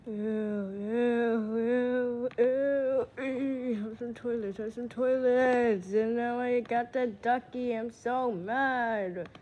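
A woman's voice: fairly high pitch, fairly even intonation, very slow, hardly any pauses, dull audio. A woman giving silly, playful game commentary, giggling and repeating herself. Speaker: gaming channel host.

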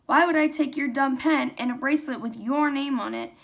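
A woman's voice: sits high, fairly quick, vocal fry. A young woman voicing a sensible young girl who protests insistently, in a storybook read-aloud.

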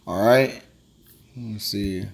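A man teaching a quick, informal scripture lesson, reading verses aloud and peppering his talk with "man" and "all right". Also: on the low side, gravelly. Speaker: Bible teacher.

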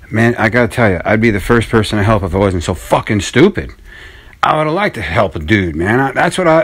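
Rambling, profane low-voiced man. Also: breathy edge. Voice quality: profane, self-mocking, rambling. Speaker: radio show host. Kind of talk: casual rambling monologue.

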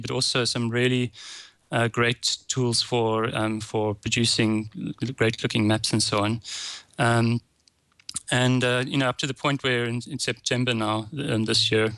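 South African man, halting and dry. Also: medium pitch, fairly bright tone, dry recording. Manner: hesitant, many fillers and restarts. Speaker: guest, open source developer. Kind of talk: podcast interview answers.

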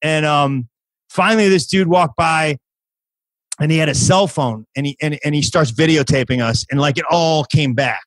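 A man's voice: fairly high pitch, moderate pace, no echo, poor audio. Rambling man in his fifties. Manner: rambling with many restarts and acted quotes. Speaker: podcast guest comedian. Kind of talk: casual storytelling chat.

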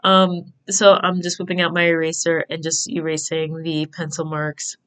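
A woman's voice: low-pitched, completely flat delivery, normal speed, fairly bright tone. A young woman, chatting casually while planning her bullet journal, rambling through tangents and giggling. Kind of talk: casual plan-with-me chat. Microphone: desk microphone at a computer.

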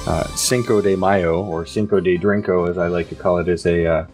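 A man's voice: low-pitched, fairly even intonation, a little fast, darkish tone, soft background music. A man from the United States co-hosting a podcast, talking in a laid-back, rambling way with many fillers. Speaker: podcast co-host. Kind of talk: casual podcast chat.

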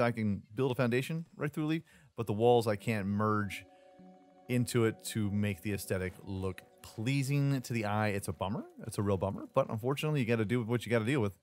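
A man giving casual, jokey commentary while playing a survival building game, often taunting the creatures he fights. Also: lowish voice. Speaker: gaming YouTuber.

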